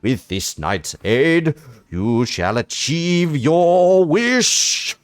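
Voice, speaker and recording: A pompous, overeager worm knight bellows his pledges in old-fashioned, theatrical speech with a posh English accent. His voice rides high and slow, the words stretched out for grandeur. The recording is dry and close to the mic. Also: lively intonation, no room sound. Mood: grandiose. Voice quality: booming, theatrical archaic diction. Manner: loud, drawn-out, grandiose declarations.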